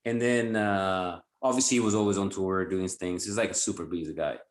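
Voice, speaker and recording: Male guest, lower voice, eager rambling chat, roomy echo on the call. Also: fairly even intonation, a little fast. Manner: enthusiastic, rambling with many "like" fillers. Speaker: guitarist guest. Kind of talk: casual interview chat.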